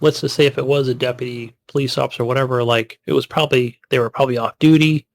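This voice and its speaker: A man's voice: medium pitch, fairly even intonation, fast talker, gravelly, no echo. A man co-hosting a gaming podcast in casual chat, laid-back, mostly adding short reactions and asides. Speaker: podcast co-host.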